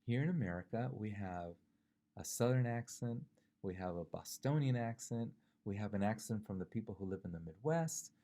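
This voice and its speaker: A man's voice: on the low side, expressive, moderate pace, dark tone. A male pastor from California giving a short devotional sermon, conversational and thinking aloud with fillers and rhetorical questions.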